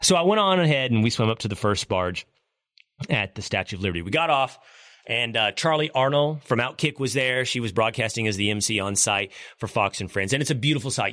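Animated storytelling man, dry close sound. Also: mid-range voice, no echo. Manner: animated, jokey storytelling with impressions. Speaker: podcast host. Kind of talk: storytelling monologue.

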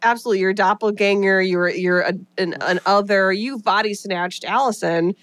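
A woman's voice: mid-range voice, normal speed, a bit bright. A woman co-hosting a comedy podcast in casual, playful, jokey banter. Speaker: podcast co-host.

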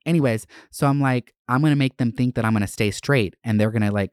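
A man hosts his own podcast and tells a story in a dramatic, foul-mouthed way. He throws his voice sharply upward for emphasis, in a middle-pitched register. The sound is dry and close. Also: no room sound. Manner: animated, profane, dramatic storytelling. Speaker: podcast host. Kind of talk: casual solo monologue.

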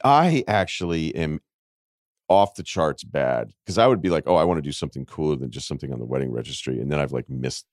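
A man in his forties hosting a casual podcast, telling rambling stories with wry self-mockery and quick asides. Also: a bass voice, animated, darkish tone, no room sound, clean studio sound. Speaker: podcast host.

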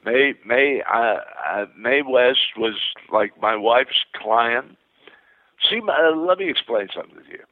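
A man's voice: mid-range voice, animated, unhurried, no room sound. An older man from Queens, New York, telling rambling, enthusiastic stories as a guest over the phone, with many restarts. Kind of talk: phone interview storytelling. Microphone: telephone. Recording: tinny phone line.

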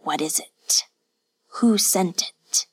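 A woman's voice: lowish voice, slow pace, a bit bright, husky, heavily acted. Menacing samurai lord, cold whispered role-play, audiobook figure, voiced by a woman reader. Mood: curt.

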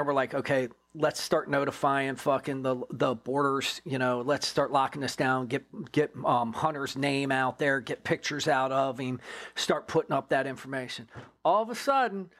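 A former drug agent, a man, telling a case story in an interview in a blunt, profane, animated way. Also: medium pitch, a little slow.

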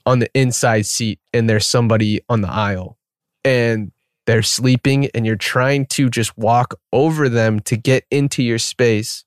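A man's voice: mid-range voice, a little slow, clear, resonant tone, dry recording, clean studio sound. A man co-hosting a podcast, chatting casually about a film and acting out scenes as he retells them. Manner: animated storyteller, acts out scenes. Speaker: podcast co-host. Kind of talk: casual film-discussion chat.

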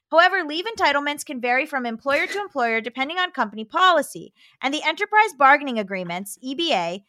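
A woman's voice: high-pitched, sharp tone, no room sound, studio quality. A woman co-hosting a podcast, reading listener letters aloud and riffing with a laugh between them.

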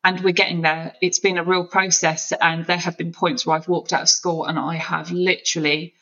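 A woman's voice: lowish voice, level tone, normal speed, pushed and bright, muffled recording. A woman talking openly and emotionally as a podcast guest, in an open, searching way. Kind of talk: candid conversation.

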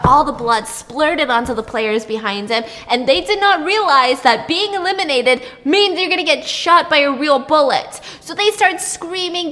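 A woman chatting casually as she retells a story, animated and chatty, often saying "like". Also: sits high, long reverb tail. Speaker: podcast co-host recapping a show. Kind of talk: casual chat, retelling a plot.

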